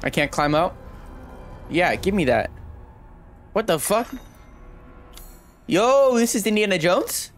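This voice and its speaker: A young man streaming a horror video game, reacting with excitable, profane trash-talk into a desk mic at home. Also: sits high, slow pace, pauses often, soft background music. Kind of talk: let's play commentary.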